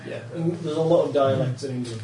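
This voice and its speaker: A man's voice: medium pitch, fast, over a noisy crowd. Laid-back man running a tabletop game. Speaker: game master. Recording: echoey room, distant mic, noisy.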